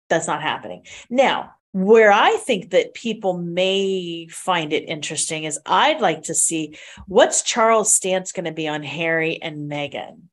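A woman co-hosting a relaxed talk show, chatting in a lively, storytelling way. Her voice sits a little low for a woman. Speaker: co-host. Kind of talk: casual chat.

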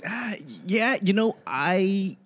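A man's voice: high voice, animated, slow pace, a bit bright. A man from the United States in casual chat, laid-back, swearing freely and acting out quoted voices.

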